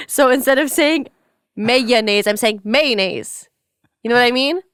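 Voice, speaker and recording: A woman co-hosting a podcast in casual chat, playful and teasing with quick quips. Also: fairly high pitch, fairly bright tone, clean tone, dry recording, studio quality. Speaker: podcast co-host.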